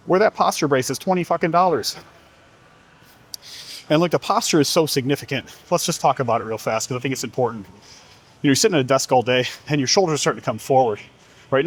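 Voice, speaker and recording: A man talking as a fitness coach in a blunt, heavily profane motivational monologue, firing off rhetorical questions while working out. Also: mid-range voice.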